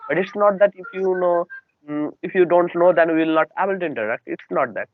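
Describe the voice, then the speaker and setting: A man's voice: sits high, a little fast, no echo. Hesitant Indian man on a tinny call. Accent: Indian English. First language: Bengali. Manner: hesitant, full of "you know" and "uh" fillers. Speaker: English learner. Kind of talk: casual conversation practice. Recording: tinny phone-like video call line.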